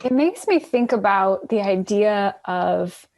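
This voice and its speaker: A woman's voice: mid-range voice, lively intonation, slow pace, a little mellow. A woman sharing candid, thoughtful reflections in a podcast conversation. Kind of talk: conversational discussion.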